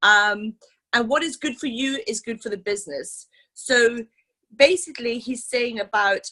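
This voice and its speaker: A woman's voice: on the high side, normal speed, sharp tone. A woman leading a team training session, talking in a chatty, enthusiastic way with lots of fillers. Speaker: team leader. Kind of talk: casual training talk.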